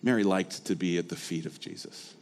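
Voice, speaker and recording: A man's voice: low-pitched, a little fast, darkish tone, in a large hall. A man preaching a sermon as a pastor, talking in a conversational way and asking the listeners rhetorical questions.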